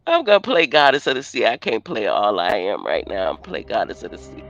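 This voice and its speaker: A woman's voice: very deep voice, huge pitch swings, fairly quick, muffled recording. A woman casually chatting with viewers on a livestream from inside her car, playful and laughing often. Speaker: livestream host. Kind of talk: rambling casual livestream chat.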